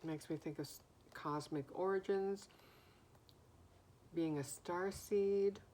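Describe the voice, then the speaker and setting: A woman with a low, deep voice reads oracle cards aloud. She speaks slowly and musingly, stopping to listen and repeating words as they come to her. A faint hiss sits under the recording. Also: mellow. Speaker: oracle card reader. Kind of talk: channeled card reading.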